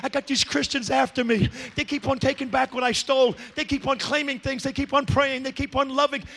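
A man's voice: extremely high pitch, little pitch movement, brisk, creaky, pushed and bright, pitched above the performer's own voice, full character voice. A male pastor voicing a frantic demon complaining to its master in a sermon. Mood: whining.

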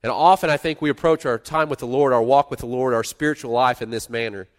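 Man preaching with loud-soft swings. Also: medium pitch, quick pace. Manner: conversational preaching, swinging between loud emphasis and quiet asides. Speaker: pastor. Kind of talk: sermon.

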